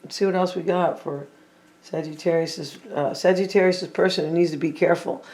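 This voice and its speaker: A tarot reader talking casually to viewers while laying out cards, thinking out loud and often saying what they feel, with playful teasing asides. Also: medium pitch, fairly even intonation, brisk. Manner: chatty, thinking aloud, repeats and hedges with "I feel like".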